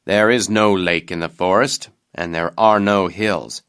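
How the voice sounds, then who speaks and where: A man voicing a sultan in a storybook reading, puzzled and commanding, who speaks slowly and with care. The voice sits fairly low. It is plain and close to the reader's own voice. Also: steady tone, a bit bright, clean tone. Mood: doubtful. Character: troubled adult male sultan, puzzled and commanding.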